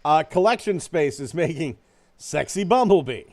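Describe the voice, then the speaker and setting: A young man hosts a relaxed podcast chat. He wanders off topic, drops curse words without a second thought, and laughs at his own jokes. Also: a little high. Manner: rambling, swears freely, quick to laugh at himself. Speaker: podcast host reading viewer comments.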